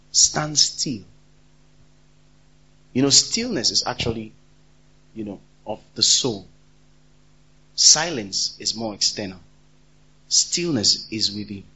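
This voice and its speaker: A man preaching a sermon, emphatic and repetitive, swinging between loud and soft. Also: on the low side, husky, highs cut off.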